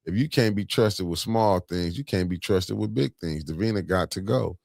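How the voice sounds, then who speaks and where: A man's voice: low voice, normal speed, creaky, a little mellow, no room sound, clean studio sound. A middle-aged man, hosting a casual political chat, laid-back and sarcastic, often laughing. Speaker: host.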